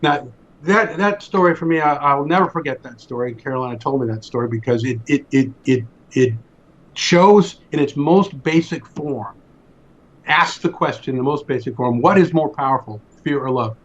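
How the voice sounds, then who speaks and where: A man's voice: mid-range voice, expressive, moderate pace, dull audio. Earnest man telling a story emphatically. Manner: emphatic, repeats words as he builds a point. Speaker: speaker in a faith discussion.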